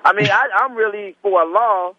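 A male caller on a talk radio show who speaks in an earnest, frank manner. His voice sits a little high and comes through a dull, muffled phone line. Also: normal speed, pushed and bright, no room sound.

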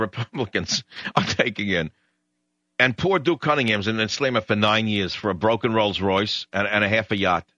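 A man's voice: fairly low pitch, bright, forceful tone, dry recording, lo-fi sound. Sarcastic ranting male radio host. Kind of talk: political talk radio monologue.

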